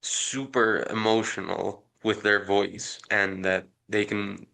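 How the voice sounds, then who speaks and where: A man with a low voice and a bright, forward tone debates on a podcast. He keeps raising questions and counterexamples to test the others' claims. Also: flat delivery, slow pace, creaky. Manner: questioning, pushes back with counterexamples. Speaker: podcast co-host. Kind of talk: casual discussion.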